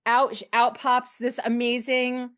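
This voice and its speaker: A woman guest on a podcast, chatting casually and acting out the people in her stories with lively voices. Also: fairly high pitch, measured pace. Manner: animated storyteller, acts out quoted voices. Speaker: podcast guest, holistic success coach. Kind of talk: casual interview chat.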